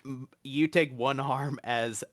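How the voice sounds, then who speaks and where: A man's voice: medium pitch, takes it slowly. Laid-back man running a tabletop game. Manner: relaxed, frequent fillers and laughs. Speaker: game master.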